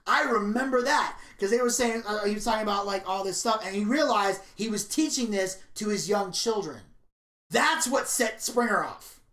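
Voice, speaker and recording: A man's voice: high voice, normal speed. Opinionated man telling stories in an echoey room. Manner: opinionated, animated storytelling. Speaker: podcast co-host. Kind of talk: casual podcast review chat.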